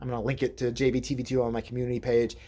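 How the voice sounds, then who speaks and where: Husky, foul-mouthed man vlogging. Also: mid-range voice, completely flat delivery, very fast, dark tone. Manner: crude, profane, sarcastic. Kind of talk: casual vlog update.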